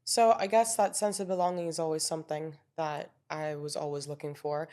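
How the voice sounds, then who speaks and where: Woman guest, low-pitched, reflective, gropes for words. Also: fairly even intonation, fairly quick, warm tone. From Northern Ireland. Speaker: illustrator guest. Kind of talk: podcast interview.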